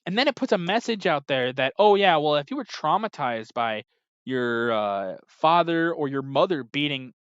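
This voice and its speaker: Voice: medium pitch, very animated, normal speed, a bit bright, clean tone, no echo, lo-fi sound. A TV reviewer talking casually, exasperated and sarcastic, rambling with lots of filler "like"s. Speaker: TV episode reviewer.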